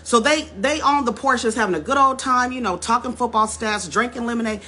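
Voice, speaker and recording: A woman vlogger talks straight into the camera, telling her viewers a casual story and calling them y'all. Her voice is a little high, fairly quick, pushed and bright, with slight background noise, and she repeats words as she builds toward emphatic points.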